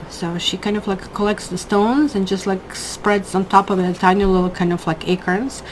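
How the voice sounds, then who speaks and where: A woman's voice: medium pitch, normal speed, hardly any pauses, a little hiss or hum, poor audio. A woman reading tarot cards at a table at home in a casual monthly forecast, chatty and emphatic, often asking "right?". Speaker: tarot reader.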